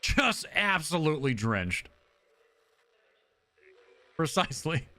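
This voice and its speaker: Male streamer, bright voice, lively swooping pitch, excitable, casual gameplay chat. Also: takes it slowly, no room sound. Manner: excitable, shouts thanks to supporters. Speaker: live streamer.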